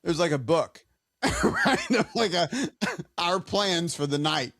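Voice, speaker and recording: A man's voice: high-pitched, wildly swooping pitch, fairly bright tone, no room sound, studio quality. A man co-hosting a podcast, telling stories in a casual, rambling way with frequent restarts. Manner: rambling, halting storyteller with many restarts. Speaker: podcast co-host. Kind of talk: casual chat.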